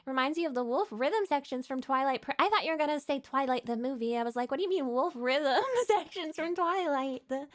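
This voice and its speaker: A woman's voice: high-pitched, a little fast, hardly any pauses. A woman hosting a casual live stream, rambling with lots of fillers, giggling and greeting viewers. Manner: rambling, with many fillers and restarts. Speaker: VTuber streamer host.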